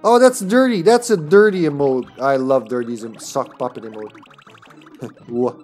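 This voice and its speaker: A man's voice: on the high side, lively intonation, a little slow, faint music behind. A man hosting a casual game stream, goofy and joking, laughing often. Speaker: streamer host.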